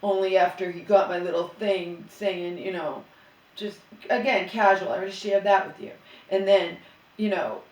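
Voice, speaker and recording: A woman's voice: medium pitch, fairly even intonation, normal speed. A middle-aged woman vlogger venting in an agitated, profane, rambling monologue full of restarts. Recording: roomy and distant from the mic.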